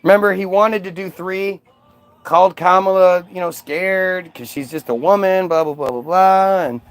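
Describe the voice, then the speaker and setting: A man's voice: high voice, normal speed, clear, resonant tone, soft background music. A man delivering a casual, profane, sarcastic vlog rant in an exasperated manner. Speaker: vlogger. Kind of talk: casual ranting monologue.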